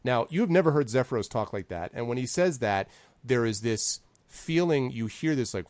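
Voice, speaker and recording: A man's voice: mid-range voice, animated, normal speed, a little mellow, no echo. A man narrating as game master in a tabletop game, hesitant and full of restarts. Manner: hesitant, full of fillers and restarts while describing scenes.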